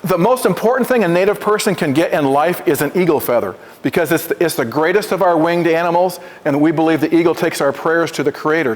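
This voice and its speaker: A visiting Oneida presenter, a man with a high voice, leads a classroom session where the students echo his words back. He keeps stumbling into restarts and posing questions, while the school hall adds a long reverb tail.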